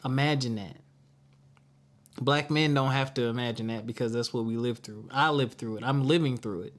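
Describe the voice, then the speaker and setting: A man's voice: medium pitch, normal speed. Earnest man hosting a podcast. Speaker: podcast host. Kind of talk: reflective casual podcast talk.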